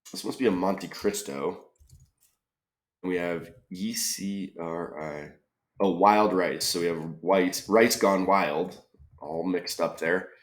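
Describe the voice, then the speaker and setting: A man solving a crossword aloud, musing tentatively and often trailing off with questions. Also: low voice. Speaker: crossword solver. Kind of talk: thinking-aloud puzzle solve.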